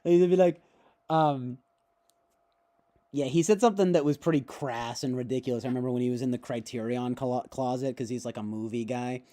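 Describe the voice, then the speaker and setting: A man's voice: medium pitch, fairly quick, dark tone. A man hosting a casual streamed chat, rambling along and often breaking into laughter and swearing. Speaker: host.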